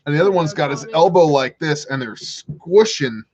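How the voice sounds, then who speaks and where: A man's voice: a little high, moderate pace, a crowd in the background. Man telling stories on a livestream. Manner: animated, swears freely. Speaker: livestream host. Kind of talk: casual storytelling chat.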